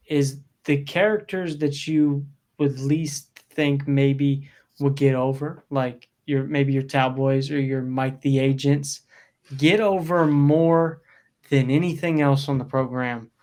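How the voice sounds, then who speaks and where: A man's voice: mid-range voice, measured pace, a little mellow. A man hosting a podcast, asking casual, hesitant questions with loose phrasing and restarts. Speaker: podcast host.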